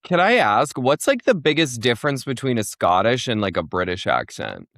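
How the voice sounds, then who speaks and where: A man's voice: medium pitch, sing-song, normal speed, a bit bright, no echo, studio quality. A young man from Fargo, North Dakota, a comedian guest on a podcast, rambling and filling his talk with "like" and restarts. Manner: rambling, heavy on "like", many restarts. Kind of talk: casual podcast interview.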